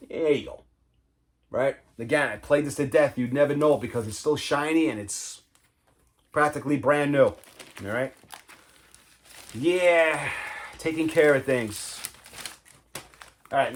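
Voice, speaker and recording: A man casually chatting about his record collection, enthusiastic and rambling, humming riffs and often saying "man.". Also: medium pitch. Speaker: vinyl collector vlogger. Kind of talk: casual chat showing records.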